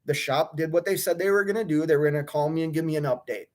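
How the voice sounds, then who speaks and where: A man's voice: a little high, quick pace, darkish tone. A man, an owner-operator truck driver, venting his frustration on a live stream from a hotel room, fired up and restarting his sentences, then reading viewer comments.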